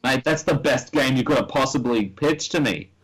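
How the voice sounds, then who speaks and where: A man's voice: medium pitch, moderate pace, a bit bright, slightly rough, rough recording. A man co-hosting a comedic chat, throwing in dry, wisecracking asides. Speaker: co-host.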